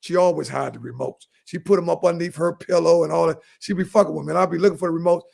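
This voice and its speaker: Fifty-something guy on a podcast, high raspy voice, loud storyteller, cussing and laughing a lot. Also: racing. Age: 50s. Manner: animated storyteller, swearing and laughing. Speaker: podcast co-host. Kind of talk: casual chat.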